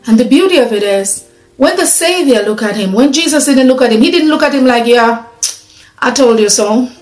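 A woman's voice: high-pitched, animated, brisk, a little mellow, roomy sound, faint music behind, poor audio. A woman preaching a sermon in an earnest, conversational way, asking her listeners questions.

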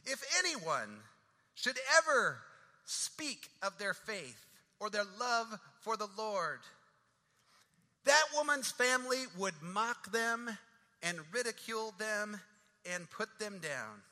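A man's voice: high voice, big pitch swings, takes it slowly, pushed and bright. A man preaching a sermon, building dramatic rhythmic refrains that swell and fall. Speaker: pastor. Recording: long reverb of a large hall.

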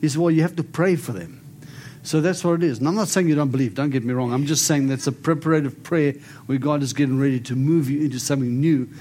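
Talking fast with hardly a pause, a preacher delivers charismatic prophecy to his congregation, emphatic and prompting them to answer back. His mid-range voice is a little mellow.

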